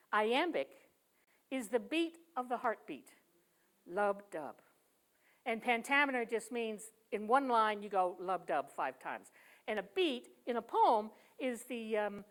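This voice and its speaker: A woman with a fairly high voice gives a sermon at a church service. She tells stories with emphasis and swings between loud, pressing lines and hushed ones. She leans on rhythmic repetition to drive her point home. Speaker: guest speaker and poet.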